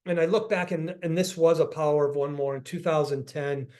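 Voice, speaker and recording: A man's voice: on the high side, fairly even intonation, fairly quick, dark tone. A man telling a heartfelt story on a video group call as a real estate coach, earnest, often repeating himself and restarting sentences. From northeastern US.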